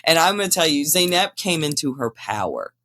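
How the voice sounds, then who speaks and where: A man co-hosting a casual recap chat, retelling scenes in an animated way and acting out characters' lines. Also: fairly high pitch, fairly quick. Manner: animated storyteller who acts out characters' lines. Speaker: co-host of a TV drama recap show.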